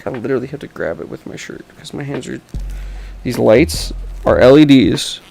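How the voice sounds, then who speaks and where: A man's voice: medium pitch, expressive, normal speed, creaky, a little mellow, faint music behind. A man chatting casually while he draws, talking through his work in a chatty, self-mocking way and laughing often. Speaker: artist and video host. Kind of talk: casual chat while drawing.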